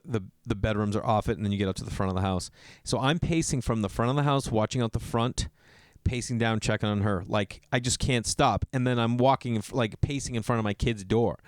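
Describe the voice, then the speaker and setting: A man's voice: clean tone, dry recording, clean studio sound. A middle-aged man hosting a podcast, telling a story in casual talk, swearing freely and acting out quoted lines. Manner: animated, swears freely, acts out quoted lines with jumps in pitch. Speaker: podcast host.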